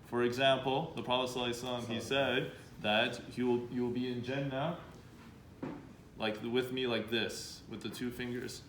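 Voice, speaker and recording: A man's voice: mid-range voice, little pitch movement, fast talker, few pauses. A man leading an interactive workshop for students, upbeat and coaxing the audience with questions. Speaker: workshop speaker. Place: room with students. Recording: echoey room, faint background noise.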